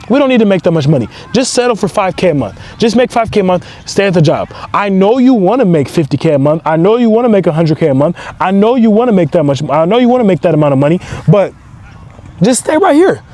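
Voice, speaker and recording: A man's voice: high voice, very animated, brisk, darkish tone, voice pushed up. A man putting on a clingy, timid inner voice. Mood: coaxing, pleading. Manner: pleading, wheedling. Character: timid male inner self, coaxing and clingy.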